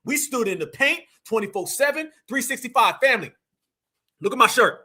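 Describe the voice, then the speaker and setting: A man's voice: extremely high pitch, big pitch swings, fairly quick, pushed and bright, husky. A man hosting a live stream, preaching to his audience in a fired-up, hyped way. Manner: preachy, hyped, addresses chat as family. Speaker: livestream host. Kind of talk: fiery live stream commentary.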